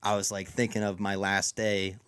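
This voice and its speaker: Hoarse, rambling man chatting on a podcast. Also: lowish voice, flat delivery, moderate pace, a bit bright, dry recording. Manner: rambling storyteller with many restarts. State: voice going hoarse. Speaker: podcast host. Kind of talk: casual chat.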